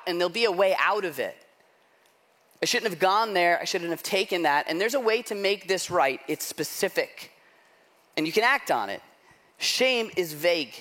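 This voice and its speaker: A man preaching a sermon as pastor, telling stories in a chatty, self-mocking way with lots of "like" and "right?". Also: sits high. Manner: animated storytelling with self-deprecating humor; conversational, frequent "like" and "right?".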